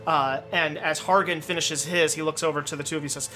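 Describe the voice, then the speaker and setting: A man's voice: fairly high pitch, fairly even intonation, fast, sharp tone, soft background music. A man narrating a tabletop game as game master, loose and descriptive with many fillers.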